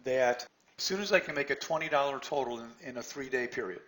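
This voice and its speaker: A man's voice: medium pitch, fast, fairly bright tone, rough recording. A middle-aged man teaching a trading seminar in a blunt, scolding way, firing rhetorical questions at his students. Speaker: trading instructor. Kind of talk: seminar lecture.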